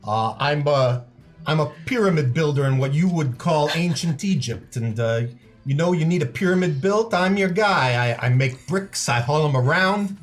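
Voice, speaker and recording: A man's voice: fairly high pitch, lively intonation, moderate pace, soft background music, lightly acted. A man voicing a brash male pyramid builder from ancient Egypt, with a streetwise New Jersey accent. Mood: cocky.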